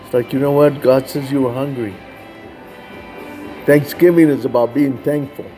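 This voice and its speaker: Mellow-voiced man sharing a testimony. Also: mid-range voice, steady tone, normal speed, soft background music. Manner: casual, ends phrases with "man". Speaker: Christian storyteller. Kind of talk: personal testimony.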